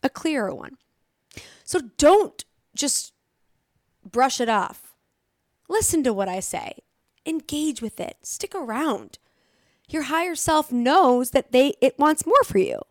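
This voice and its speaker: Young woman talking straight to camera, blunt and sweary, kinda high voice, dry close sound. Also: big pitch swings, slow pace, pauses often, no echo. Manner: blunt, frequent swearing, repeats phrases. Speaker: recovery vlogger. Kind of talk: direct-to-camera motivational talk.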